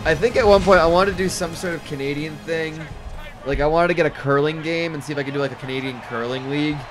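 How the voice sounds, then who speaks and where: A man's voice: on the high side, over music. A man giving joking, rambling live commentary on a video game football match, calling plays and swearing casually. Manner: rambling, swears, quick play calls.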